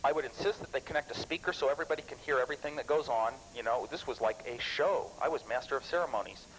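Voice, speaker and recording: A man in his thirties giving an animated, rambling talk of anecdotes to a live club audience, often restarting his sentences. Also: medium pitch, fast, a little hiss or hum, low-quality recording. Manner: lively storyteller, animated and chuckling. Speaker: guest speaker at a computer club.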